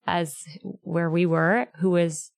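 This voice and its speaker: Podcast guest, woman in her twenties, a chatty singer with a lowish voice who acts out the people in her stories. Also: little pitch movement, slow, gravelly, no room sound. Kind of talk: casual interview storytelling.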